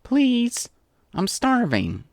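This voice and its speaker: A man's voice: mid-range voice, big pitch swings, normal speed, no echo, clean studio sound. A man voicing a brash tomboyish young female pegasus pony who coaxes and pleads, from a storybook reading. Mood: pleading. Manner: cocky, pleading, wheedling.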